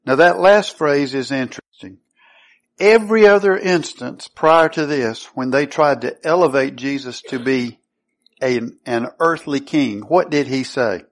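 A man's voice: mid-range voice, measured pace. A man preaching a sermon who teaches through scripture, reading verses aloud and then asking his listeners questions he answers himself. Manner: asks the congregation rhetorical questions and answers them.

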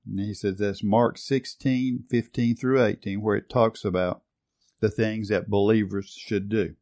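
A man's voice: on the low side, steady tone, a little slow, darkish tone. A man preaching a sermon, earnestly reading and retelling a testimony with rising emphasis.

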